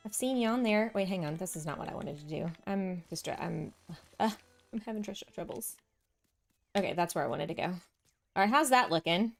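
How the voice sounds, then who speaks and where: A woman's voice: on the low side, fairly quick, soft background music. A woman with a Texan accent hosting a casual game livestream, chatting with viewers and laughing often. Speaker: livestream host. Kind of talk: casual livestream chat while playing.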